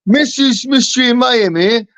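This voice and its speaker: A man's voice: very high voice, moderate pace, a bit bright, no echo, highs cut off, pitched above the performer's own voice. A man putting on the voice of a cheerful woman greeting a live chat. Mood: playful.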